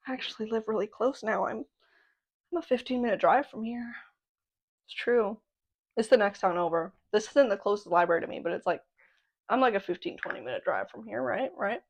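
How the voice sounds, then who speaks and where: Casting: woman, 20, podcast host, excitable and self-mocking, casual storytelling. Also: mid-range voice, a little fast, muffled recording.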